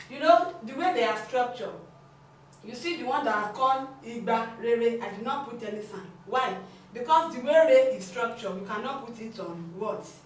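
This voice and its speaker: A woman's voice: fairly high pitch, a little hiss or hum. Patient woman teaching in an echoey room. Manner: patient, explanatory, repeats points. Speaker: language teacher. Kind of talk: classroom lesson. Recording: echoey room, mic at a distance.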